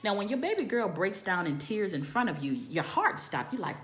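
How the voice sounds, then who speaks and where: A woman tells a personal story straight to the listener in a bright, ringing voice. She is animated and profane and repeats phrases for emphasis. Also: medium pitch, fairly quick, few pauses. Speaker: storytelling vlogger.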